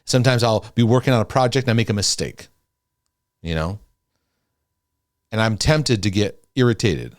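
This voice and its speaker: Middle-aged guy talking faith n stress, lively voice that swings up and down, dry close mic. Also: moderate pace, long pauses, no room sound. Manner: animated, drops soft and low when confiding, talks to God aloud. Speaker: Christian mental health teacher. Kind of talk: casual teaching monologue.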